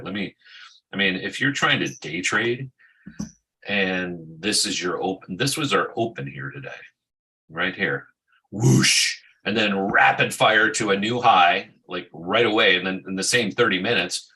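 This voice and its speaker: Deep, bright-edged male co-host. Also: rough recording. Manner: emphatic, quick asides, trader jargon. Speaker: co-host of a markets show. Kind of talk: casual chat.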